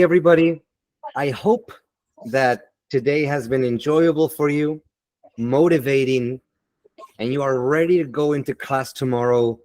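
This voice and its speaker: A man giving an online teaching webinar in a deliberate, emphatic and motivational way, on a computer mic over a video call. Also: fairly high pitch, no echo.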